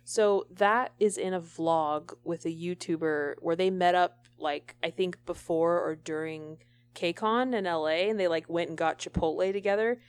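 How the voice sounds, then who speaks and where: A woman's voice: fairly low pitch, measured pace, clear, resonant tone. A young woman co-hosting a podcast, telling stories in an enthusiastic, chatty way. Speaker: podcast co-host. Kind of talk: casual chat.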